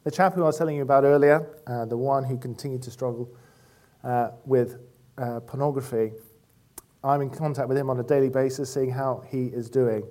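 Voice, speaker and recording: A man giving a relaxed, conversational church talk, full of anecdotes and fillers. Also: medium pitch, a little fast. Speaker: church speaker.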